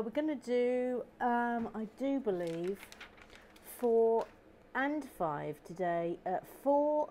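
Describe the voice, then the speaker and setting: A woman's voice: mid-range voice, a little mellow. Chatty woman host, faint noise. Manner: chatty, self-deprecating, stammers. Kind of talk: casual building vlog talk.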